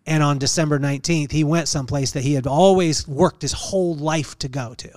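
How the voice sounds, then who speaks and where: A man hosting a podcast, telling an emotional personal story in an earnest, halting way with many fillers. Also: a little high, a little mellow, dry recording, clean studio sound. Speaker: podcast host.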